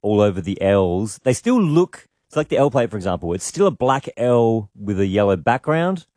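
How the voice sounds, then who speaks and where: A man with an Australian accent co-hosting breakfast radio, brisk as he runs the segment and takes calls. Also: fairly low pitch, sing-song, a little mellow, dry recording, clean studio sound. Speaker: radio co-host. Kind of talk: casual breakfast radio chat.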